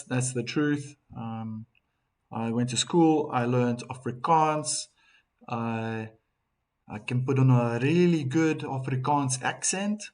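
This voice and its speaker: A man from Africa, hosting a live tennis stream and chatting casually with viewers, reading their comments aloud with frequent restarts. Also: medium pitch. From South Africa.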